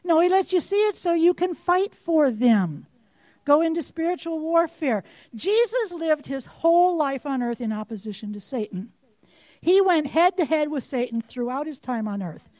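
A woman with a high voice preaches a fervent sermon, pressing questions on her listeners and building to forceful outbursts. The sound is close and dry, with no room around it. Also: dry recording. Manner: impassioned, rising to forceful outbursts.

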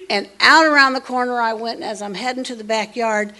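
A woman casually telling a personal story, animated, dropping to hushed asides and rising to loud emphasis. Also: on the high side, brisk. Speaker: storyteller sharing a personal testimony.

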